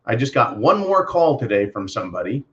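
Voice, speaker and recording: Man, mid-pitched, ranting host, sarcastic and foul-mouthed, muffled lo-fi sound. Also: very animated, brisk. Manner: sarcastic, swearing, mocking voices when quoting. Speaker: host answering viewer comments. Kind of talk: profane political rant.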